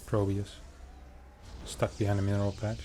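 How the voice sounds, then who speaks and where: A man casting a strategy game match in a chatty, joking way, reacting fast to the play. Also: on the low side, completely flat delivery, mellow, a little hiss or hum. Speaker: esports caster. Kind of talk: casual game commentary.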